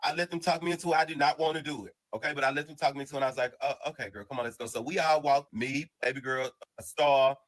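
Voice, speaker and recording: A man telling a casual storytime monologue in an animated, slang-heavy, rambling way full of restarts. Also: on the high side, fast, hardly any pauses, rough recording.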